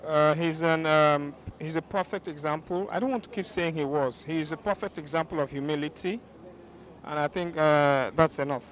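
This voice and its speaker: Earnest man, slightly high voice. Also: fairly bright tone, slight background noise. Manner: earnest, measured praise. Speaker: interview guest. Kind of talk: interview answer.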